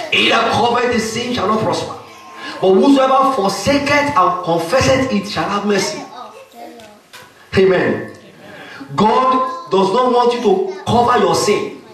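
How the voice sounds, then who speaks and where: A man's voice: sits high, a bit bright, heavy reverb, far from the mic, low-quality recording. A man preaching a sermon as pastor, emphatic and punctuating his points with frequent "Amen".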